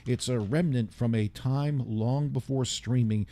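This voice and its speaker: A man's voice: mid-range voice, unhurried, mellow, dry recording. An older man hosting a radio show, chatting casually and rambling as he reads listener comments aloud. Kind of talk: casual DJ chat.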